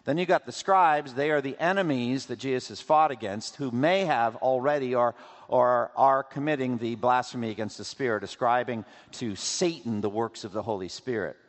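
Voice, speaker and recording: A man preaching a sermon as pastor, asking rhetorical questions and acting out quotes in an animated way. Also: mid-range voice, normal speed. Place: church sanctuary. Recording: long hall reverb.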